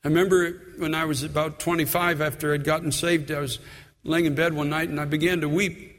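A man's voice: on the high side, little pitch movement, brisk, in a large hall. A man in his sixties, a pastor, preaching an earnest sermon full of personal stories in a church.

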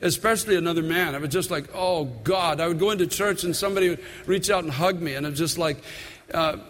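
A man's voice: a little high, quick pace, a bit bright, long reverb tail. A man in his sixties, a pastor, preaching an earnest sermon full of personal stories in a church.

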